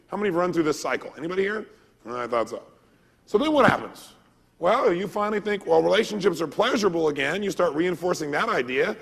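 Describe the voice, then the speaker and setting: Motivational speaker, male, gravelly and slightly high voice, energetic call-and-response delivery, long hall reverb. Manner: energetic, quizzes the audience with call-and-response questions. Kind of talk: seminar lecture to a live audience.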